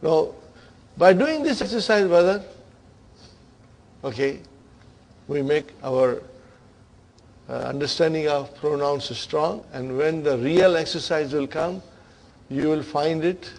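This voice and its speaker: A man's voice: on the high side, slow pace, long pauses, a little mellow. A man teaching Arabic grammar to a class, patiently checking understanding and addressing students as brothers and sisters. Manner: patient, checks understanding with frequent "okay?" and "huh?".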